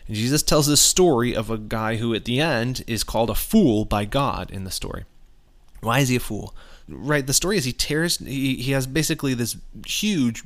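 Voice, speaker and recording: A man's voice: mid-range voice, lively intonation, normal speed, fairly bright tone. An earnest man talks through a Bible passage in a casual, conversational way. His voice sits in an ordinary middle register, and he often restarts a phrase before landing a point with sudden emphasis. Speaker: podcast host.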